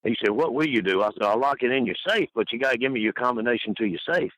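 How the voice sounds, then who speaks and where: An older man rambling through a folksy anecdote as an interview guest, his voice bright and forceful. He laughs at his own stories, and the sound is dry and close. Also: mid-range voice, very fast, no room sound, rough recording.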